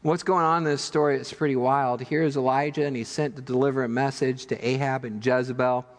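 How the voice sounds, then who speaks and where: A man preaching a sermon as pastor, telling stories in an animated, humorous way. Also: medium pitch, brisk, in a large hall. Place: church sanctuary.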